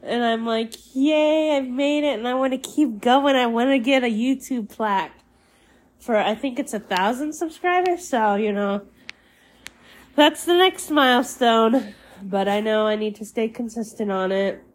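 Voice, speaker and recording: A young woman hosting her own podcast, chatting casually and rambling with fillers, sounding a little congested. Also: a little high. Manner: slow, rambling, with many fillers and laughs. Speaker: podcast host. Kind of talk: casual solo podcast chat.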